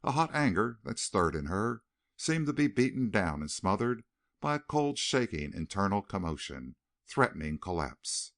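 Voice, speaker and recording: A man narrating a western novel as an audiobook, reading in an expressive, dramatic way. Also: lowish voice, normal speed. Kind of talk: scripted narration.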